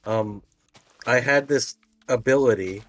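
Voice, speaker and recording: A man talking in casual livestream voice chat. He rambles in an animated way, swears freely and laughs often. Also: medium pitch, slow. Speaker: stream guest player. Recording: faint game music underneath.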